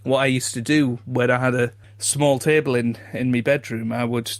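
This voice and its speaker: A man's voice: mid-range voice, fairly even intonation, moderate pace, no room sound. Self-deprecating man, dry close sound. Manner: self-deprecating, laughs often, stammering restarts. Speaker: podcast co-host. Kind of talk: casual comedy chat.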